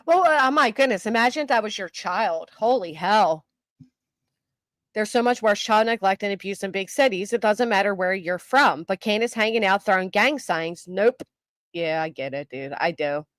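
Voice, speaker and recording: An older woman talks through a true crime case in a loose, chatty way, stumbling over fillers as she reacts to comments and clips. Her voice is recorded dry and close, with no room sound around it. Her pitch sits in a middle range. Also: expressive, normal speed, no echo. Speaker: true crime livestream host. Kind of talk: casual commentary, reading viewer comments.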